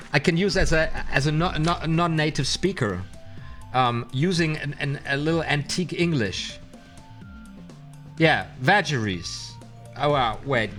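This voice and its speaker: A man's voice: on the high side, fairly bright tone. A man with a German accent, a non-native English speaker, teaching card magic in a casual live stream, reading aloud and sounding out words with many fillers. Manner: chatty and playful, hesitant with fillers, sounds out words slowly.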